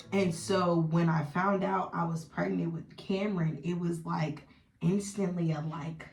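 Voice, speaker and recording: A young woman with a slightly low voice recounts a personal story in a casual, animated storytime. She speaks in an echoey room with faint music playing underneath. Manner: animated, chatty, acts out dialogue. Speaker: vlogger.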